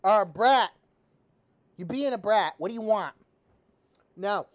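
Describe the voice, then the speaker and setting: A man's voice: sits high, lively intonation, slow, no echo, lo-fi sound. Man streamer fussing at his cat. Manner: swearing, scolds his cat in a baby-talk tone. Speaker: game streamer. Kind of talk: casual live-stream chat.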